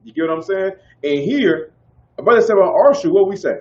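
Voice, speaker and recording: A man teaching a group in casual preaching style, animated and conversational, often asking whether listeners follow. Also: high-pitched, brisk, highs cut off. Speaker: street teacher.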